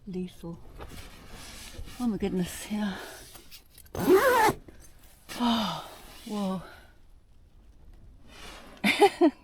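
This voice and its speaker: A woman with a mid-range voice talks very slowly with long pauses, and heavy background noise surrounds her. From South East London, she's vlogging inside a small tent in winter, chatting to the camera and musing on her solo camping trip.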